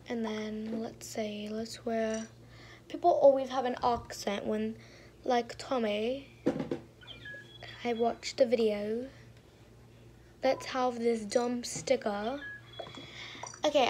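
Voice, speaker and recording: A woman's voice: on the high side, fairly even intonation, slow pace, pauses often, darkish tone, slight background noise. A young woman casually commentating her own gameplay, sounding exasperated, talking to herself and often trailing off into mumbles. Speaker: gaming streamer.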